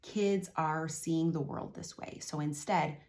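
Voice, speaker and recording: A parenting coach in her forties gives advice straight to the camera in a fairly low voice. She takes her time and explains things calmly, occasionally acting out short exchanges between a parent and a child.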